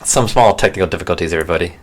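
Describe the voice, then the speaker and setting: A man's voice: deep voice, racing. A man co-hosting a casual movie chat podcast, playful and profane, acting out film lines. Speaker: podcast co-host.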